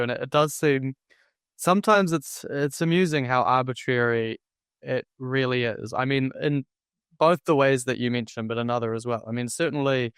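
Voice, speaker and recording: A man's voice: medium pitch, fairly bright tone, smooth, no echo, clean studio sound. A man hosting a podcast, musing reflectively in a conversational way. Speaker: podcast host. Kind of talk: conversational interview.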